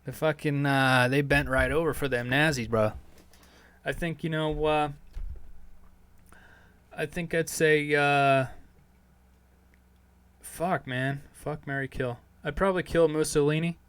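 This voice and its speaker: A man's voice: fairly high pitch, fairly even intonation, a little slow, long pauses, a bit bright, clear, resonant tone, dry recording. A man hosting a podcast, answering listener questions in a loose monologue that is profane and full of fillers. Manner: rambling, profane, heavy on fillers. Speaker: podcast host.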